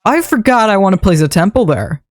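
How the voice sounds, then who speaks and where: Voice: mid-range voice, very animated, a little fast, no echo, studio quality. A streamer giving casual gameplay commentary, rambling to themself and chuckling at their own mistakes while building. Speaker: streamer building a game base.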